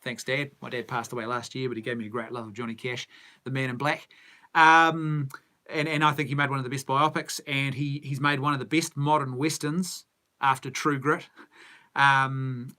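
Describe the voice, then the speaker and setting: A middle-aged man with a New Zealand accent and a mid-range, sharp-toned voice hosts a casual movie news live stream. He muses aloud as he answers viewer comments.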